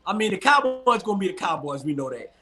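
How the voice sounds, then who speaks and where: A man's voice: sits high, big pitch swings, fast, music in the background. A man co-hosting a sports talk show on a video call, arguing emphatically and repeating his points. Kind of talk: heated sports debate.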